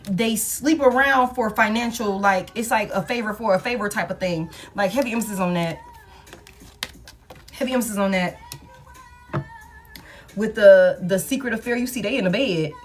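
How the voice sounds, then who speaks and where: A woman's voice: medium pitch, moderate pace. A woman giving a casual tarot reading, speaking in a slangy, emphatic and repetitive way, with frequent swearing. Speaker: tarot reader.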